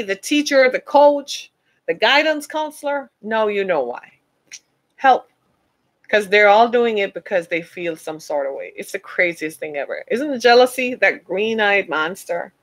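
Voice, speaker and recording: A woman's voice: medium pitch, animated, a little slow, low-quality recording. A woman giving an emphatic, preacher-like motivational talk to her listeners, calling them "y'all.". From United States. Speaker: speaker addressing listeners.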